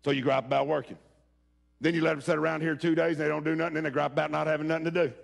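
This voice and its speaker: A man preaching a sermon, talking folksy and direct with the congregation and rising to shouts. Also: fairly high pitch, flat delivery, rapid-fire, creaky. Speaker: pastor.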